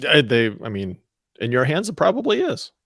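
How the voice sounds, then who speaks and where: A man's voice: medium pitch, wildly swooping pitch, normal speed, vocal fry, a bit bright, no room sound. A man co-hosting a radio talk show, chatting casually and reading the news in a dry, matter-of-fact way. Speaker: co-host and news reader.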